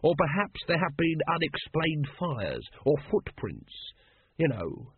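A man playing a weary, harried middle-aged male watch captain, with slow, reluctant delivery and a very husky voice. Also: mid-range voice, animated, dry recording. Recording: dry, phone-like narrow sound.

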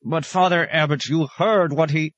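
A man's voice: steady tone, moderate pace, no room sound, close to an everyday voice. A man voicing an aged, querulous male monk librarian who snaps and rants indignantly. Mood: furious. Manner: indignant, snapping, shrill outbursts.

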